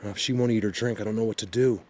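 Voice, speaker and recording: A man's voice: fairly low pitch, steady tone, rapid-fire, darkish tone. A man vlogging from the woods on a handheld camera, emotional, speaking soothingly and fretting to his viewers. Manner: emotional, soothing and fretful, addresses viewers directly. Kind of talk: on-the-spot nature vlog. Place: outdoors in the woods. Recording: outdoor noise behind the voice.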